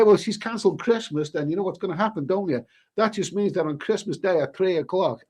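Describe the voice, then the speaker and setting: A middle-aged man with a British accent chats loosely through viewer messages on a livestream. His voice sits a little high, and he rambles, restarts and swears mildly as he goes. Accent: British English. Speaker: travel vlogger hosting a livestream. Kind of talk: casual livestream chat reading viewer messages.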